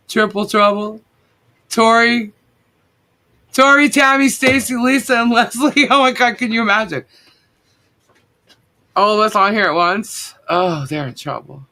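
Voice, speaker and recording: A woman's voice: medium pitch, sharp tone. A woman hosting a live online show, laughing constantly as she reads out viewer comments. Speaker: livestream host.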